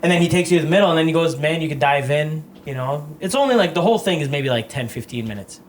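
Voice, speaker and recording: A man's voice: a little high, animated, rapid-fire, a little hiss or hum. A young man hosting a podcast, telling rambling stories in casual chat and laughing often. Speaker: podcast host.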